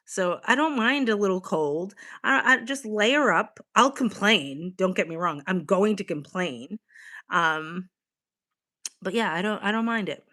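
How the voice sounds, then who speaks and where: A woman's voice: mid-range voice, expressive, a little slow, bright, forceful tone. Chatty woman on a livestream. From Boston, USA. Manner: chatty, laughing, swears casually. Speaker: livestream host. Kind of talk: casual livestream chat with viewers.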